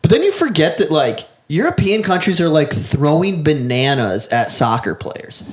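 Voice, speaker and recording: Animated swearing man on a comedy podcast. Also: fairly high pitch, moderate pace. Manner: animated, swearing, laughs often, does mocking impressions. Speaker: podcast co-host. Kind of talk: casual comedy podcast chat.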